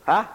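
Male pastor, lively sermon, shouts then mutters, acts out scenes, reverberant hall. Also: highs cut off. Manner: swings from shouting to mumbling, acts out scenes, laughs often.

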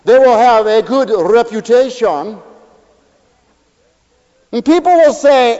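Folksy high-voiced man preaching. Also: slow, pauses often. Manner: folksy, animated, acts out voices. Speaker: pastor. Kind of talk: sermon. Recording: dull hall recording with long reverb.

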